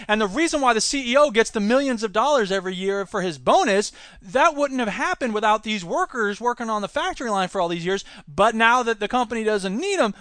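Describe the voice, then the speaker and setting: A man's voice: high voice, fairly bright tone, no echo, clean studio sound. A man from the United States hosting a solo podcast, giving sarcastic, ranting commentary. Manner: sarcastic, ranting, mocks with put-on voices. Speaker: podcast host.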